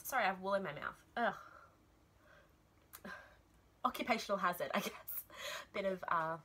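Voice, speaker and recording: A woman's voice: medium pitch, pushed and bright. A young woman hosting a knitting podcast, chatting enthusiastically about her projects with frequent ums and little laughs.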